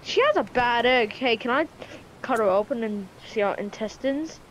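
A woman giving excitable, chattering commentary while playing a video game. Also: fairly high pitch, moderate pace, lo-fi sound. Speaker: gameplay streamer. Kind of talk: gameplay commentary. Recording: noisy game audio behind.

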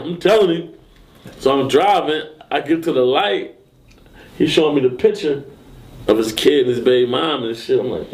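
A man being interviewed, telling a story casually and acting out what people said with sudden high, loud bursts. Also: fairly quick. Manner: animated, acts out quotes and shouts in sudden high bursts.

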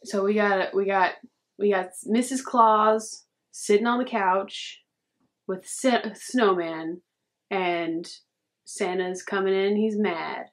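A woman's voice: medium pitch, steady tone, takes it slowly. A young woman vlogging casually, reacting to memes with sarcastic, chatty commentary. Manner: sarcastic, says "dude" a lot. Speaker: YouTuber.

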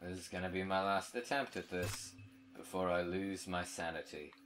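A man's voice: low-pitched, flat delivery, moderate pace, a bit bright, faint music behind. An English man commentating his own gameplay, who swears a lot and shrieks and screams in frustration. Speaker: let's play commentator.

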